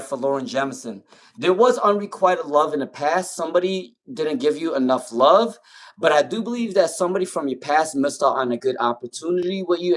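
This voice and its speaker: A chatty young man reads tarot cards on a live stream, talking casually with his viewers. His voice sits a little high for a man. He repeats himself often and breaks into laughter.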